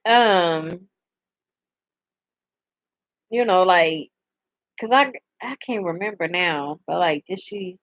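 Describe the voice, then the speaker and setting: A young woman hosting a casual live chat, animated and profane, laughing often and reading comments aloud. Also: lowish voice, slow, long pauses, dry recording. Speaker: livestream host.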